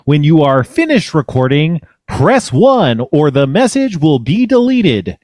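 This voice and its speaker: Man putting on a voicemail machine voice, stilted, slow, raised pitch, dry sound. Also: sing-song, darkish tone, no room sound. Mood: mechanical. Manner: slow, overly formal recorded-message delivery. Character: stiff automated voicemail greeting machine.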